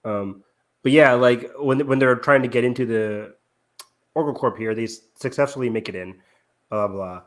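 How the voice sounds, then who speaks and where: A man's voice: medium pitch, moderate pace. Laughing man hosting a film chat. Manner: laughing, animated scene retelling with many fillers. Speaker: podcast host. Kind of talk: casual film review chat.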